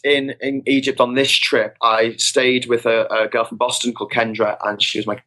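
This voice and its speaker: A man's voice: mid-range voice, little pitch movement, normal speed, pushed and bright. A man telling rambling, self-mocking travel anecdotes as a podcast guest. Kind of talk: casual storytelling. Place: podcast recording.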